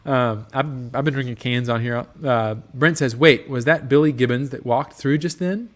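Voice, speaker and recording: Man, livestream host, casual chat, relaxed and rambling, lots of ums, talking from a workshop. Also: medium pitch, moderate pace. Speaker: motorcycle company host reading viewer comments. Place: motorcycle workshop.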